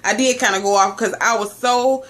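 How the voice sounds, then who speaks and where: A vlogger in her late twenties rants angrily to camera, telling viewers a profane story about her cable company and calling them family. Her voice is fairly high, steady, brisk and fairly bright.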